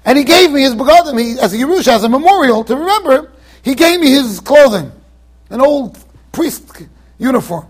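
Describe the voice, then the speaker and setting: A scoffing card player from the town's edge , as a rabbi voices him, daring someone with slow, taunting words. His voice is high and husky. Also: animated, exaggerated voice. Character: mocking card-playing townsman making a dare.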